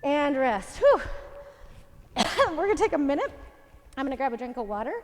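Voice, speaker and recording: High-voiced, winded woman coaching a workout. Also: very animated, normal speed, a little mellow, long reverb tail. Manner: encouraging, counting reps aloud. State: out of breath, winded. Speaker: fitness instructor. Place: home workout space.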